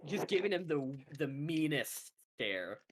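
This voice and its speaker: A man's voice: on the high side, sing-song, a little slow. A man running a tabletop game as game master, narrating loosely with frequent laughs.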